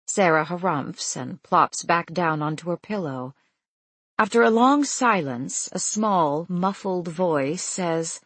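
A woman narrates a scripted story in a gentle, unhurried manner. Her voice is low-set and husky, and she reads slowly. The recording is close and dry. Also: no echo.

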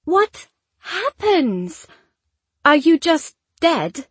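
A man's voice: extremely high pitch, very animated, extremely slow, fairly bright tone, dry recording, voice pushed up, exaggerated voice. A man voicing a hungry, curious eight-year-old girl who asks plaintive questions in an audiobook. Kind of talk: audiobook character voice.

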